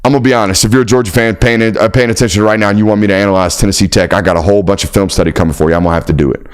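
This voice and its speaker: A man's voice: fairly low pitch, steady tone, racing, clean tone. A male host on a college football reaction livestream, talking in a blunt, emphatic and profane way and hammering home repeated punchlines. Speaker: sports show host.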